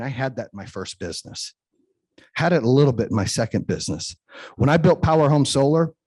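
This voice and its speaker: Husky-voiced man telling a motivational story. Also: on the high side, a little mellow. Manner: emphatic storytelling, acts out quoted voices. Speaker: podcast host. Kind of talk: motivational monologue.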